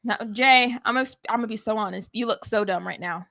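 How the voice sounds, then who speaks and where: A woman's voice: fast, gravelly, no echo. A woman co-hosting a wrestling podcast, recapping the show in casual chat and acting out quoted lines in a raised voice. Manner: animated, acts out quoted lines in high voices. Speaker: podcast co-host.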